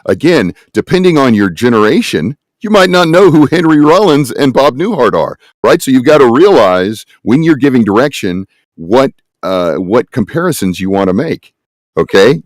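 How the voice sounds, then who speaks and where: A man's voice: medium pitch, no echo. A man on a conference panel who casts voices for games, talking emphatically and checking in with the audience. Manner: emphatic, conversational, tags points with "right?". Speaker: conference panelist, game casting producer. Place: conference room.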